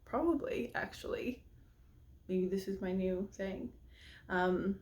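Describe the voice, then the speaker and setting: Her voice is mid-range and dark, and she speaks a little slowly as she cooks and chats for her vlog. The adult mother sounds nervous and casual, dropping plenty of ums and likes.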